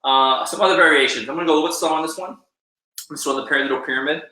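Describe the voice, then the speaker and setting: A man's voice: on the high side, fairly even intonation, racing, sharp tone. A man teaching a live online drum lesson, counting beats aloud and encouraging his students. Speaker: percussion instructor. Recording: echoey room with drumming behind.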